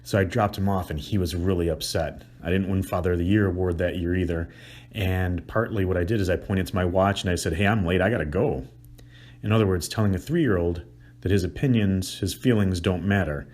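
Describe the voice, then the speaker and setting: Middle-aged male counselor, husky and low, animated teacher who acts out feelings. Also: brisk. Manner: animated, acts out emotional examples with sighs and sound effects. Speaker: couples counselor. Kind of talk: explanatory teaching talk.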